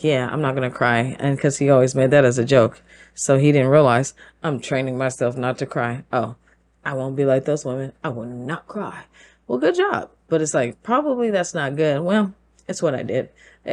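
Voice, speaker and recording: A woman's voice: low-pitched, a little mellow. Lady host ranting solo, punchy rhetorical questions, bits of laughter. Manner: emphatic, fires rhetorical questions. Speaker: show host. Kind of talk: opinion monologue.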